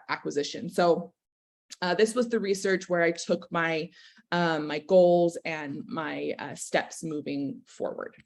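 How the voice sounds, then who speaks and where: Earnest woman teacher presenting, lower-pitched. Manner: earnest, with frequent fillers and restarts. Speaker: teacher presenting a case study.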